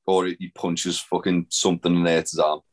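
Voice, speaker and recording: A man's voice: low voice, level tone, normal speed. A man co-hosting a podcast, recapping wrestling in a rambling, casual way, swearing freely and with lots of fillers. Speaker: podcast co-host. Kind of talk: casual wrestling review chat.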